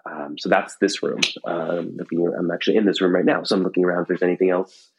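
A man's voice: deep voice, level tone, fast, vocal fry, darkish tone, dull audio, a little hiss or hum. A middle-aged man chatting casually from a room at home as a podcast guest, rambling with many fillers and restarts. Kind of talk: casual conversation.

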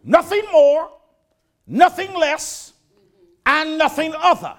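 An older man delivers a church sermon. His voice sits high and moves through a wide, animated range. He builds from folksy talk into strong, emphatic preaching. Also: slow.

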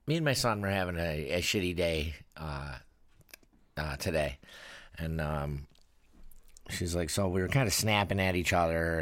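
A man's voice: low-pitched, fairly bright tone, no echo. A man in casual chat, telling anecdotes with frequent laughter and acting out other people's voices.

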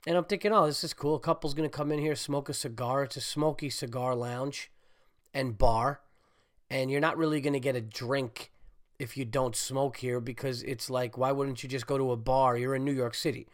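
A congested man, a stand-up comedian and podcast host, talking in a rambling, animated monologue full of fillers and swearing. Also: medium pitch, normal speed. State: congested, getting over a cold. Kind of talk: casual solo podcast monologue.

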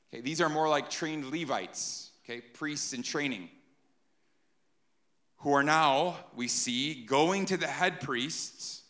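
Bright-voiced animated preacher man. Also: fairly high pitch. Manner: conversational, asks "right?" often, animated. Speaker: pastor. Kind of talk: sermon.

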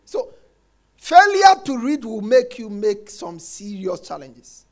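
A man preaching a sermon, quoting scripture and repeating his refrain, dropping soft and then shouting. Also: high-pitched, sing-song, slow. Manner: emphatic, repeats phrases, swings between soft and shouted lines; quotes scripture, acts out congregants' complaints.

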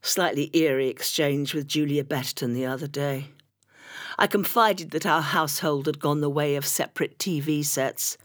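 A woman's voice: low-pitched, fairly even intonation, normal speed. A woman delivering a dry, wry scripted comic monologue.

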